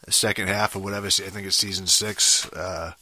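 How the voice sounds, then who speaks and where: Low-voiced man ranting with constant swearing. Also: steady tone, a little fast, bright, forceful tone, no room sound. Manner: heavy swearing, rambling with many restarts. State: rough throat. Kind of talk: casual rant.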